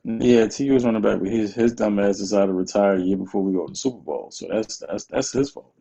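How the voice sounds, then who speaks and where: A man's voice: fairly low pitch, fast, gravelly, dark tone, rough recording. A man co-hosting a casual sports podcast, teasing and trash-talking with frequent laughs. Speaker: podcast co-host.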